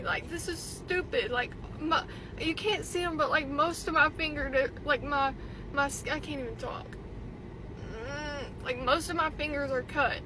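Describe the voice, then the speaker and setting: A woman's voice: high voice, noisy background. Upset young woman venting in a car. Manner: upset, indignant, fast filler-heavy talk. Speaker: TikTok poster recounting a salon visit. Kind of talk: venting selfie video.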